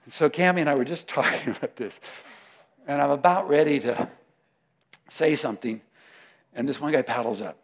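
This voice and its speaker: A man preaching a sermon in a conversational, animated way, often laughing and acting out voices. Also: medium pitch, normal speed, pauses often.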